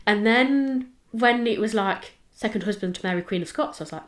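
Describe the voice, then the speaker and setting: Speaking at a moderate pace and medium pitch, a woman co-hosts a podcast and lays out a history case. Her delivery is casual and rambling, peppered with fillers and self-checks.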